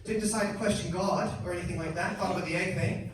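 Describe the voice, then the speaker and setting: Animated man doing stand-up in an echoey club. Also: high voice, fast talker. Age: 30s. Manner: animated storytelling, bursts into shrieking character voices. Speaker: stand-up comedian. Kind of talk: stand-up comedy set. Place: comedy club stage. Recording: echoey club, distant mic, loud audience noise.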